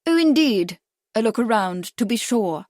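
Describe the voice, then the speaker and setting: A woman's voice: a little high, expressive, moderate pace, darkish tone, no echo, clean studio sound, natural voice. A woman voicing a foppish upper-class English lord with an exaggerated posh lisp and a fatuous, expansive manner, in an audiobook. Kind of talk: audiobook character voice.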